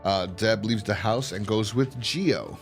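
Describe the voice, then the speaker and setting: Low-voiced man recapping a show casually. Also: music in the background. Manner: rambling, profane, acts out characters' lines in quick voices. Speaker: podcast host reviewing a TV series.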